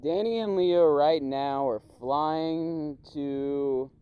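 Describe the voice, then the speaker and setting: A man's voice: on the high side, very slow, clear, resonant tone, dry recording, highs cut off. A man from Houston rambles in a profane, slangy way while driving, coughing often. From Houston, Texas. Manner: profane, slangy, meandering rant with frequent coughs. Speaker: vlogger. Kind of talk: casual rambling monologue. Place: inside a car while driving. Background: car engine and road noise.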